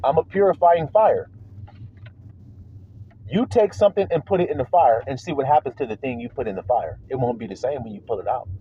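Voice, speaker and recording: A man's voice: medium pitch, animated, brisk, slightly rough. A man preaching a confrontational, profane monologue, hammering his listeners with rhetorical questions. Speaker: self-styled preacher. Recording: dull lo-fi sound.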